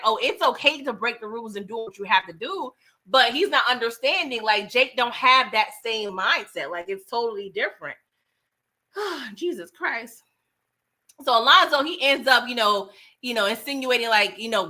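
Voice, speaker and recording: A woman with a bright, slightly high voice talks through a film scene by scene in a loose vlog style. She is chatty and animated, laughs often and throws in slangy asides. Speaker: movie reviewer. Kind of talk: casual movie review vlog.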